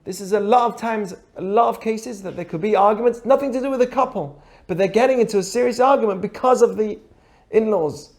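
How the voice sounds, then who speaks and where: High-voiced man teaching an ethics lesson. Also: brisk, a little mellow. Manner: acts out dialogue in quoted voices; asks the audience rhetorical questions. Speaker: Torah teacher.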